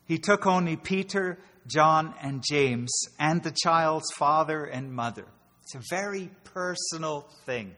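Male preacher, earnest and explanatory, reverberant hall sound, unhurried delivery. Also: fairly high pitch, bright, forceful tone. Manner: earnest, explanatory, with many pauses and restarts. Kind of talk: sermon.

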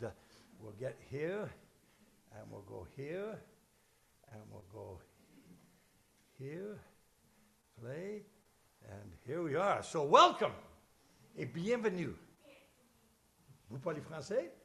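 A man leading a church service as pastor, emotional and chatty, fumbling with his notes and screen between warm asides. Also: medium pitch, creaky. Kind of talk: sermon with casual asides. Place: church service shared over video call.

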